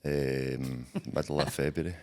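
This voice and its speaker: A farmer guest in a casual podcast chat, laid-back and mostly answering with short replies. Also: male voice, very deep voice, flat delivery, unhurried, a little mellow.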